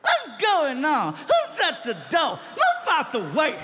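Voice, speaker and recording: Guy doing a loud high yelling comedian, brash and teasing, jumps way up in pitch, pushy and playful. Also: huge pitch swings, takes it slowly, a little hiss or hum, exaggerated voice. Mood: demanding. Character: loud excitable famous male comedian, brash.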